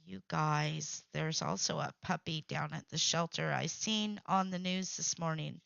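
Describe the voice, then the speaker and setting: Slow, gravelly-voiced woman chatting. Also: sits low, dry recording, muffled recording. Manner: chatty, warm-hearted, laughs often, repeats herself. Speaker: host of a crafting livestream. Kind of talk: casual chat reading viewer comments.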